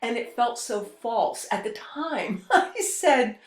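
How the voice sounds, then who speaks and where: A woman's voice: fairly high pitch, lively intonation, takes it slowly, echoey room. A woman hosting a spiritual channel, speaking in a casual monologue that rambles with many restarts and hesitations.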